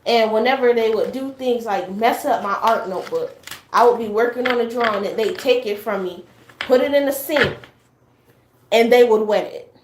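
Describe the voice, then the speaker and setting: A woman's voice: a little high, moderate pace, background noise. A young adult woman telling a personal story in casual chat. She rambles with many fillers and acts out what her family said. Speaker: guest sharing a personal story. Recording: echoey room.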